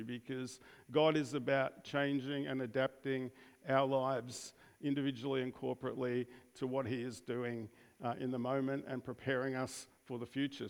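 An Australian man giving a casual sermon to his congregation, talking informally with many restarts and often putting questions to the room. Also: medium pitch. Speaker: preacher. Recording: long hall reverb.

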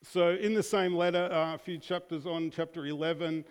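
A man's voice: a little high, steady tone, normal speed, smooth. Australian man preaching in a reverberant hall. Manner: conversational, with many restarts, often polling the room with questions. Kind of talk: casual sermon to a congregation.

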